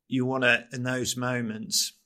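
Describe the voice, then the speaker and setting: A middle-aged man co-hosting a podcast, talking in an earnest, halting way and often restarting his sentences as he reflects. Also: medium pitch, little pitch movement, bright, forceful tone. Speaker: podcast co-host.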